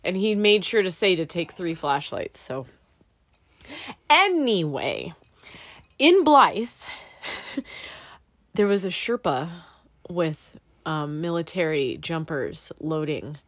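Brief: young woman, student pilot, candid storyteller, slightly low voice, dry close sound. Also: takes it slowly, long pauses, dry recording. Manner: candid, animated storytelling with swearing. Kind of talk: casual podcast chat.

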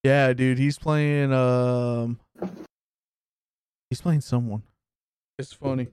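A young man co-hosting a podcast in casual chat, blunt and teasing, swearing freely. His pitch sits at a middle level, and the sound is dry and close, with no room echo. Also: level tone, takes it slowly, a little mellow, smooth. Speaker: podcast co-host.

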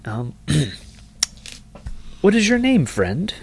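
A man playing a polite, halting gentleman. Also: a little high, wildly swooping pitch, gravelly, breathy edge, voice pushed up, heavily acted. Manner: formal, courteous phrasing with hesitant stumbles.

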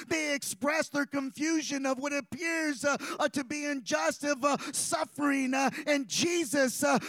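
High-voiced man preaching in a park. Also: a bit bright, no echo. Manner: fervent preaching full of "uh" fillers. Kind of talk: sermon. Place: outdoors in a park.

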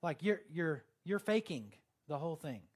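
A man's voice: on the high side, lively intonation, normal speed, breathy edge. A man preaching a sermon in a casual, conversational way, with lots of fillers and quoted asides. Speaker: pastor.

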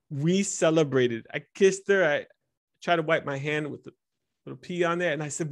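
A man in his thirties speaking candidly to an audience, telling vulnerable personal stories in an animated way. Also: fairly high pitch, moderate pace. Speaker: speaker teaching instructors. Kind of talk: personal storytelling talk.

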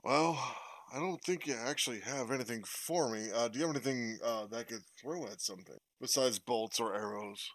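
A man's voice: mid-range voice, brisk, fairly bright tone. A man playing a tabletop game, speaking in character, bargaining hard with a wry, swearing manner. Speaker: player.

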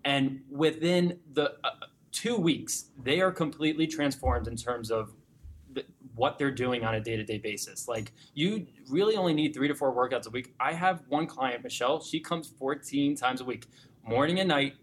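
A young man with a mid-pitched voice recounts his fitness clients' transformations in a lively, conversational interview. He speaks in quick, excited bursts full of restarts and asides. Faint ambient noise sits underneath. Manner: animated storyteller, grows excited and emotional when recounting clients. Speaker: fitness gym owner or coach.

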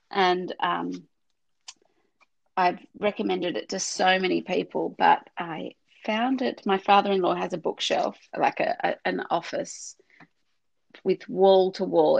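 Heartfelt middle-aged woman, gravelly and dry. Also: fairly low pitch, steady tone, unhurried, dry recording, lo-fi sound. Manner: tearful, heartfelt, rambling with restarts. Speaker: podcast co-host. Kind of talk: casual faith podcast chat.

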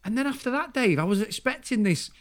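A man co-hosting a podcast, chatting about an old film in an animated way, swearing freely and telling stories from his school days. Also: very high voice, a little fast. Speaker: podcast co-host. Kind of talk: casual film review chat.

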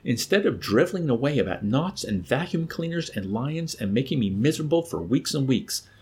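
A man voicing an impatient, exasperated young woman in a book reading, with a husky, lively voice. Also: mid-range voice, a little fast, pitched above the performer's own voice. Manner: sharp, exasperated retorts.

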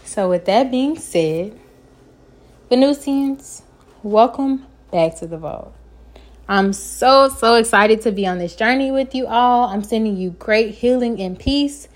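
A woman's voice: fairly high pitch, animated, unhurried. A woman hosting her own podcast, giving an earnest, encouraging self-help talk and sometimes stumbling over her words. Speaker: podcast host.

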